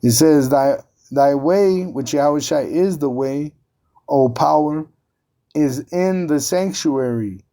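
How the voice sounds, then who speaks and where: A man's voice: on the high side, slow, mellow. A man preaching and teaching from scripture, combative and profane, often repeating words as he drives his points home.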